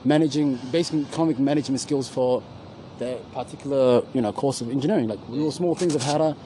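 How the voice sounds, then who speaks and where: A man's voice: medium pitch, fast, dark tone, a little hiss or hum, rough recording. A man rambling in casual, profane slang, often searching for his words, outdoors on a university campus. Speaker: podcast co-host. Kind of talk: casual profane street chat.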